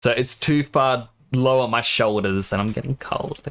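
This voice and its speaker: A man's voice: medium pitch, measured pace, fairly bright tone. A young man talking casually over a game stream. He sounds sleepy, rambles from topic to topic and often laughs. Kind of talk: casual gaming stream chat.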